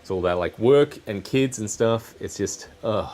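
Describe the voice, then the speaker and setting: A man's voice: fairly low pitch, animated, moderate pace, a little mellow. A man hosting a casual live stream while crafting, chatting in a rambling, self-correcting way. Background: faint background music.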